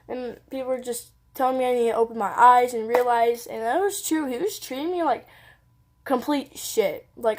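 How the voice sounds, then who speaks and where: A woman's voice: fairly high pitch, steady tone, normal speed, darkish tone. A teenage girl telling a personal story on her vlog, rambling casually and saying "like" constantly. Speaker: vlogger.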